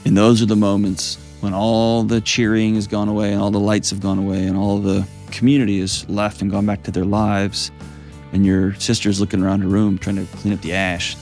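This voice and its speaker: A man's voice: on the low side, monotone, fairly quick, a little mellow, soft background music. A man hosting a call-in advice show, talking in an earnest, coaching way and often repeating his phrases. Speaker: host giving advice.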